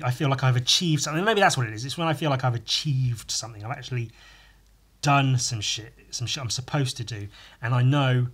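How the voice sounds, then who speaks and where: Medium-pitched and a bit bright, a man hosts a solo podcast as he draws. The talk wanders, full of restarts, asides, swearing and self-deprecating jokes.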